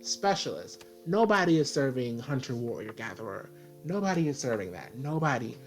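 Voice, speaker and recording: A man's voice: mid-range voice, big pitch swings, moderate pace, faint music behind. A man giving a casual video review, talking in a sassy, exasperated way and filling his speech with "like". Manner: sassy, filler-heavy, exasperated ranting. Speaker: TV show reviewer.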